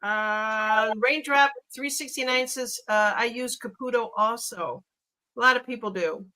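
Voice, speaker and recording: A chatty woman hosting a laid-back podcast. Her voice is fairly high and strikingly bright. She reads out comments in an upbeat way. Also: a little slow. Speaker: host. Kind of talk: casual chat, reading chat comments.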